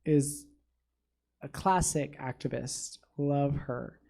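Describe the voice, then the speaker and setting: A man's voice: fairly high pitch, steady tone, slow, creaky, dark tone. A man who is a drag performer and a guest in a casual studio interview, candid, dry and often laughing. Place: studio in a comedy theater.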